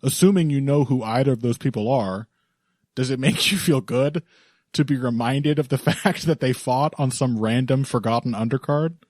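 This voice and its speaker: A man's voice: mid-range voice, moderate pace, a little mellow, no room sound, studio quality. A man hosting a podcast in casual chat, laughing often and rambling with restarts. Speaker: podcast host.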